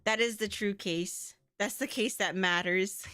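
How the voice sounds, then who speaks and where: A woman's voice: mid-range voice, a little slow, sharp tone, clean tone. A young woman chatting playfully and giggling with her viewers while streaming a game. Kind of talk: casual livestream chat.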